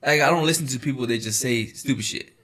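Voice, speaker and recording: A man's voice: medium pitch, fast talker, fairly bright tone. A young man co-hosting a casual podcast chat, rambling at length with lots of swearing and "you know, like" fillers. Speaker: podcast co-host.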